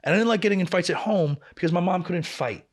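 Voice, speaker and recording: A man in his twenties co-hosting a podcast, telling a work story in a casual, profane, animated way. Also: sits high, fast. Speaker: podcast co-host.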